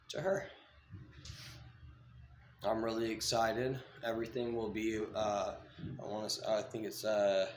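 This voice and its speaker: A man who breeds pythons rambles casually about his animals, with plenty of fillers and restarts, now and then cooing softly to the snakes. His voice is mid-pitched and sits in an echoey room with a faint hum of background noise. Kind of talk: casual vlog.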